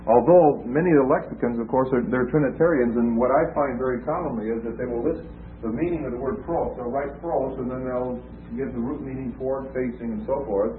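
A man's voice: mid-range voice, a little fast. Guy preaching a bible lesson, lots of uh's, sounds like it's over a phone, bit of hiss. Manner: explanatory, with frequent filler "uh" and restarts. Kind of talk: teaching sermon. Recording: tinny phone-like audio with faint noise.

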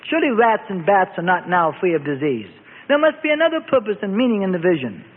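A man's voice: high voice, big pitch swings, quick pace. A man voicing a devout, anxious male apostle who pleads and protests earnestly in a radio Bible drama. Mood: perplexed. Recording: tinny phone-like radio recording with reverb.

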